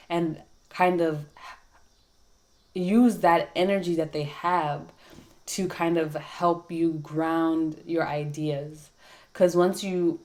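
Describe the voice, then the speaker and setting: Chatty woman giving a tarot reading, lower voice. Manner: chatty, thinks aloud with frequent "like" and "right?"; lists keyword traits in a slow steady run. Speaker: tarot reader. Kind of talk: casual spiritual reading.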